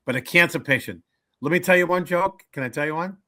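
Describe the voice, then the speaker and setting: Energetic older comedian man. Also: a little high, fast. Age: 70s. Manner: animated joke-telling, acts out voices. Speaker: comedian guest. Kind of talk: casual interview storytelling.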